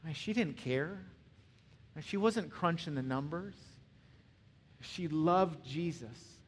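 A male pastor giving a conversational sermon, often checking in with the listeners with a quick "right?". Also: on the high side, big-room sound, slight background noise. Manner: conversational, frequent "right?" asides.

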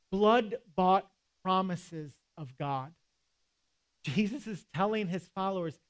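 A man preaching a sermon in a conversational way, with casual asides and quoted scripture. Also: high voice. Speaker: pastor.

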